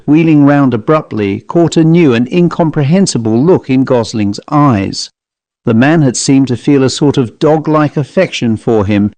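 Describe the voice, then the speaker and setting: A man narrating a ghost story in a measured, even storytelling manner. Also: mid-range voice, no echo. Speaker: audiobook narrator.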